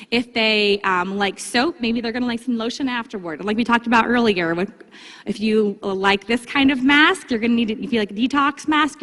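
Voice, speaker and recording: A direct sales consultant gives vendor training to her team in a casual, upbeat talk, her voice a bit bright. When she acts out conversations with customers, she shifts into livelier, higher tones. A long hall reverb surrounds the recording.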